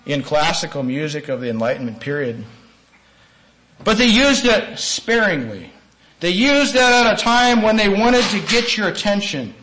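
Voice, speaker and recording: A man preaching a sermon-style lecture, earnest and emphatic, with sudden rises in pitch and volume and some slowed, stressed phrases. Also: a bit bright, rough recording.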